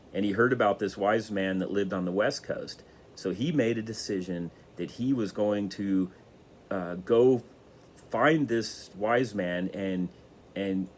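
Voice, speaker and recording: A man's voice: lowish voice, a little mellow, a little hiss or hum. A man telling a motivational story in a casual, rambling way with many restarts. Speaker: motivational speaker.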